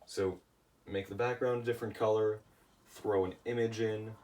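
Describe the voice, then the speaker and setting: Tired male coach, low-pitched and worn, casual explainer, recorded a little off-mic. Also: steady tone, moderate pace, darkish tone, far from the mic. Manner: casual, says "right?" often. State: tired, voice shot. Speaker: email marketing coach. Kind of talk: casual video lesson.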